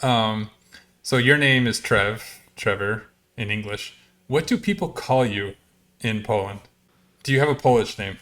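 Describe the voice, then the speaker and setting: A man's voice: on the low side, measured pace, fairly bright tone. A man co-hosting a casual podcast, chatty and laughing often as he talks. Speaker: podcast co-host.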